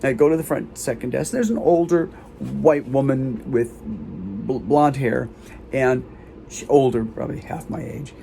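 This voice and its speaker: A man performing a live comic storytelling show, recounting a hospital visit in halting, self-interrupting sentences. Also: medium pitch, lively intonation, gravelly, dark tone, a little hiss or hum. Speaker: solo performer. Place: small theater stage.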